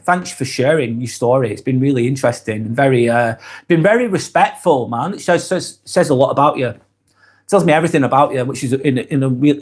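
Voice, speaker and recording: A man hosting a live stream, reading viewers' comments aloud and chatting back in a relaxed, easygoing way. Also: medium pitch. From England. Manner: laid-back, chatty, trails off softly at phrase ends.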